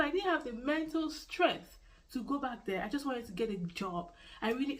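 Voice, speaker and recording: A woman with a Nigerian accent tells her own story to the camera in earnest. She repeats key phrases to stress them. Her voice sits somewhat high, and she is a little way back from the microphone. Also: recorded from a distance, low-quality recording. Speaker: vlogger. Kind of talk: personal storytelling vlog.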